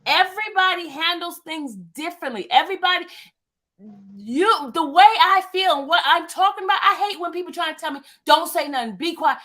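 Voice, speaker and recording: A woman's voice: very high voice, expressive, brisk, pushed and bright. A woman in her fifties venting in an emphatic, repetitive monologue to her viewers. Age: 50s. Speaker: vlogger. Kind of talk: impassioned monologue.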